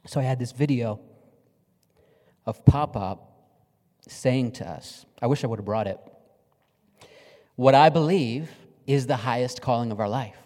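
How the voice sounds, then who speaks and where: A man's voice: mid-range voice, measured pace, pauses often, mellow. A middle-aged man preaching a sermon as a pastor, telling stories in a conversational, emotional and humorous way on a stage mic in a church sanctuary. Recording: long reverb of a large hall.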